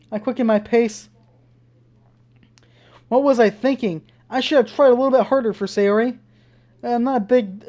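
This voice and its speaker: A young woman streams a let's-play of a visual novel, reading its text aloud in a mellow, slightly high voice. Now and then she breaks off to swear in fright, with faint game music in the background.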